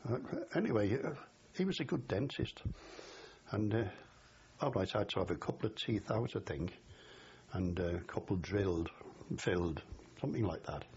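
A man's voice: fairly low pitch, a little mellow. Older Scouse man reminiscing. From Liverpool area, England. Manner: chatty storyteller, laughs at his memories. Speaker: interviewee. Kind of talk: oral history interview. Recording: dull lo-fi recording with faint hiss.

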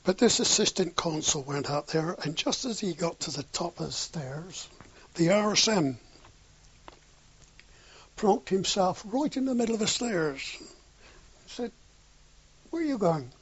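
A man's voice: high-pitched, lively intonation, a little slow, long pauses, a bit bright, husky. An older man telling a wartime anecdote in an oral history interview, acting out the dialogue with a chuckle now and then. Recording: dull lo-fi recording.

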